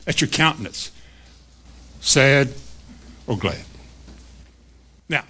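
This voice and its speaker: A man's voice: mid-range voice, animated, very slow, sharp tone, husky. A man preaching a sermon, asking his listeners questions and voicing an inner dialogue. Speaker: pastor.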